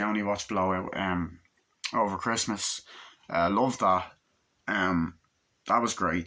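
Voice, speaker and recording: Swearing, bright-voiced young male reviewer. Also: fairly low pitch. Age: 20s. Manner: rambling, enthusiastic, heavy swearing. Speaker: movie reviewer. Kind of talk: casual chat.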